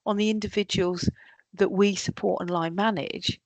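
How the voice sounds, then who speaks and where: A woman's voice: medium pitch, moderate pace, dry recording. A woman giving a leadership workshop talk, often acting out what colleagues say. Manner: lively, acts out quoted colleagues. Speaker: workshop trainer.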